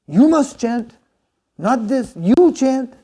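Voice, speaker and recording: Man shouting as a fiery little holy man. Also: extremely high pitch, very animated, slow, slightly rough, voice pushed up, exaggerated voice. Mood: commanding. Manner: short shouted orders. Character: short fiery male holy man barking commands.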